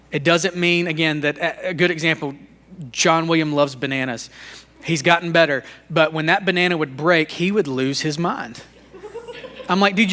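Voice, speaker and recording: Man in his thirties, bright and forward tone, casual live teacher who acts out little family scenes. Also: fairly high pitch. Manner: conversational, acts out talks with his young son. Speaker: speaker at a church leadership talk. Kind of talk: live teaching talk to an audience.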